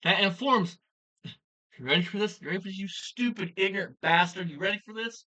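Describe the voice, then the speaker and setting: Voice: medium pitch, fairly quick, sharp tone, distant mic. A vlogger delivering an angry, profane commentary rant, hurling insults and repeating lines for emphasis.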